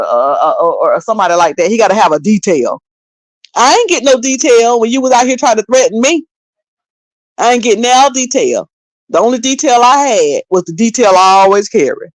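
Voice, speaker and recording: A woman's voice: mid-range voice, no room sound. A woman hosting a casual livestream, sassy and laughing as she mocks someone. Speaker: livestream host. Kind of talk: casual commentary.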